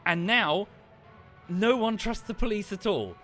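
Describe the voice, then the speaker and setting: High and a bit bright, this UK gamer's voice has lively intonation and a slightly slow pace over background music. His gameplay commentary is casual and meandering, full of profanity and self-interruptions.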